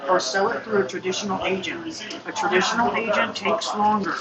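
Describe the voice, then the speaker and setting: A woman's voice: medium pitch, fairly quick. A mother firmly insisting that her son listen during a family conversation at dinner. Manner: firm, insisting on being heard. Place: busy restaurant. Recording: muffled, over a loud restaurant crowd.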